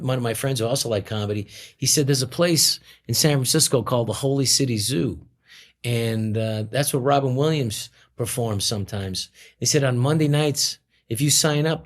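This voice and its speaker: A middle-aged man being interviewed as a comedian guest, telling stories in a rambling way with many restarts and fillers. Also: mid-range voice. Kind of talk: casual interview storytelling.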